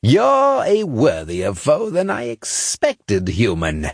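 A man's voice: mid-range voice, wildly swooping pitch, takes it slowly, dry recording, studio quality, voice pushed up, heavily acted. A man voicing a haughty alien emperor. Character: towering proud male alien emperor, cold menace.

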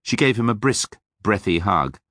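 A man narrating an audiobook in a wry, measured way. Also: fairly low pitch, animated, fairly bright tone, no echo, studio quality. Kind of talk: scripted narration.

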